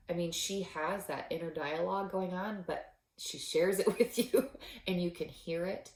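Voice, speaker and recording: Slow, gravelly-voiced woman podcaster. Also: on the low side, reverberant. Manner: emotional, choked up, laughing often. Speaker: knitting podcast host. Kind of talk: casual solo podcast talk.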